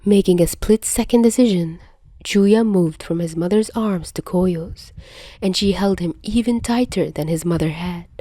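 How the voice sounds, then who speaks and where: A woman narrating fan fiction as a podfic reader, soft and hushed, often dropping into whispers. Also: lowish voice, a little slow, no echo.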